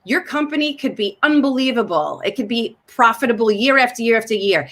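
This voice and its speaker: A woman with a New York accent, a sales coach talking in an emphatic, animated way on a video call. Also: fairly high pitch. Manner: emphatic, fast and animated when excited. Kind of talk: animated talk-show conversation.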